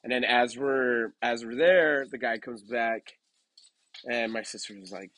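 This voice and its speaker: A man's voice: medium pitch, steady tone, moderate pace, fairly bright tone, a little hiss or hum, low-quality recording. A young man casually telling a story for his podcast, rambling with lots of fillers, restarts and swearing. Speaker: podcast host.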